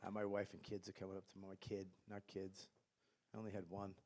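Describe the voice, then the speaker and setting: A man's voice: deep voice, monotone, fast talker, a little mellow. A middle-aged man talking as a guest comedian on a live podcast, rambling and profane, with an audience in the room. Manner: rambling, profane, self-deprecating. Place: live comedy festival stage before an audience.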